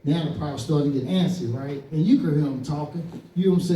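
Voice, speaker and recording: A man's voice: fairly high pitch, quick pace, few pauses, warm tone. A man from East Saint Louis doing a stand-up comedy set on a club stage, telling stories and acting out the people in them. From East Saint Louis, Illinois. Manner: storytelling with acted-out quotes. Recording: roomy club sound from a distance.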